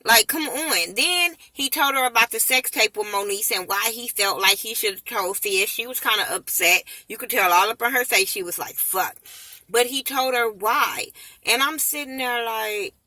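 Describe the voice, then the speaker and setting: Blunt, foul-mouthed woman with a bright voice. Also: a little high, normal speed, no room sound, rough recording. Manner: blunt, profane, animated. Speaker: TV show reviewer. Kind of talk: casual ranting commentary.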